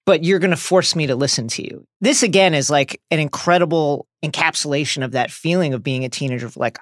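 A man co-hosting a book-discussion podcast, speaking in a measured, conversational way with wry asides. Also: a little high, dry recording, clean studio sound. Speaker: podcast co-host.

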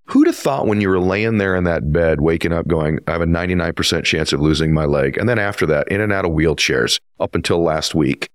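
Deep-voiced earnest man hosting. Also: brisk, few pauses, no echo, clean studio sound. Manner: earnest, emphatic storytelling. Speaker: podcast host. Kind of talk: emotional interview introduction.

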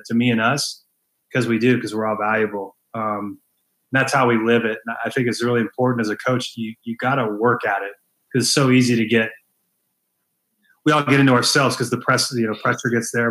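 A man's voice: mid-range voice, a bit bright, low-quality recording. A man who is a head baseball coach, talking earnestly as a podcast guest and often restarting and repeating phrases. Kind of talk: casual interview talk.

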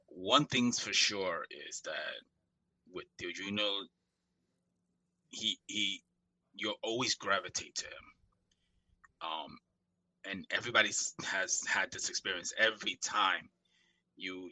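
A man sharing halting, reflective memories of his uncle on a family video call, with Spanish words mixed in. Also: sits low, pushed and bright, no room sound, rough recording.

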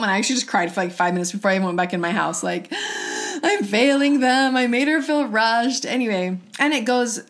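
A woman's voice: on the low side, a bit bright. A woman in her thirties telling an emotional personal story in casual chat, often acting out what others said. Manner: emotional, quoting others in raised voices. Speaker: host sharing a personal story.

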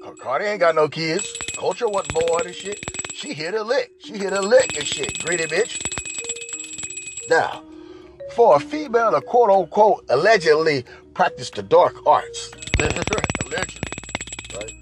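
A man's voice: a little high, animated, measured pace, music in the background. A man hosting a podcast, ranting crudely and rambling with comic asides and repeated "right?"s. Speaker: podcast host. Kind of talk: profane comedic rant.

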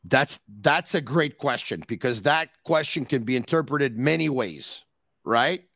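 A man hosting a call-in podcast, teasing his caller in a playful way with drawn-out emphasis. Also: mid-range voice, expressive, fairly bright tone, no echo, studio quality. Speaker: podcast host. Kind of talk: casual call-in chat.

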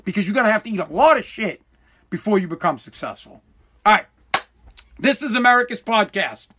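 A man's voice: sits high, lively intonation, a little fast, background noise. A man in his forties hosting a podcast, giving an emphatic, profane motivational monologue full of restarts. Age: 40s. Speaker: podcast host.

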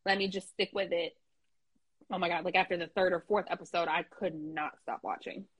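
A woman in casual podcast chat, talking in an animated, slangy, emphatic way. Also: on the low side, moderate pace, husky, low-quality recording.

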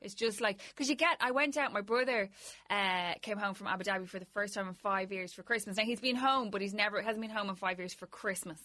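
Female co-host, late thirties, bright chatty voice, dry close mic. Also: mid-range voice, fairly quick, no echo. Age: late 30s. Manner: chatty, laughing, storytelling. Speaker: podcast co-host. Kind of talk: casual comic chat.

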